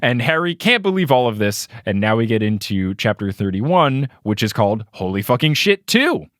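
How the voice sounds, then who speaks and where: An animated male podcast host recaps a story, his pitch swinging widely as he hams up quoted lines. The sound is dry and close, with no room in it. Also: moderate pace, no echo. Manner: animated, reads quotes with mock emphasis.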